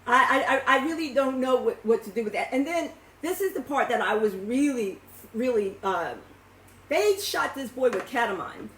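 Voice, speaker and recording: A woman's voice: on the high side, lively intonation, normal speed, fairly bright tone. A woman speaking live to her followers in an impassioned, emphatic way, often stumbling and repeating words as she talks to her own camera. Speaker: social media commentator. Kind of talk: live video talk to followers. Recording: roomy echo.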